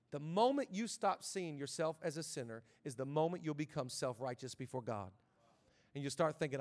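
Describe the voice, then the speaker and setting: High-voiced impassioned male pastor. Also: expressive, normal speed. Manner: impassioned, rising to shouted call-and-response. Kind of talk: live preaching.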